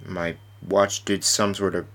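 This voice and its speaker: A man with a very low voice talks through a device setup in loose, off-the-cuff vlogger commentary. He mumbles and hesitates, dropping fillers and the odd curse. Faint clicks sit in the background. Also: level tone, measured pace, background noise.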